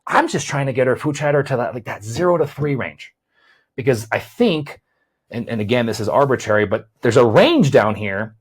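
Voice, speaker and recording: With a mid-range, husky, slightly breathy voice and lively intonation, a man hosts a health podcast on his work as a chiropractor and weight loss coach. He speaks at a moderate pace, thinking aloud, restarting with repeated words, and often tagging on a questioning "right?".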